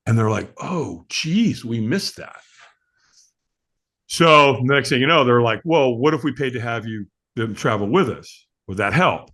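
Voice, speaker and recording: A man's voice: mid-range voice, unhurried. A middle-aged man, the interview guest, telling stories in a casual chat, acting out quotes and laughing often. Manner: animated storyteller, acts out quotes, laughs often. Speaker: guest, firewalk instructor.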